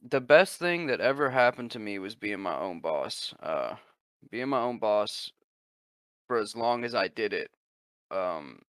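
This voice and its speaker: Young man, podcast host, casual chat, profane, bright, lively pitch. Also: measured pace, clean tone, dry recording. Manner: profane, animated storyteller who acts out quotes.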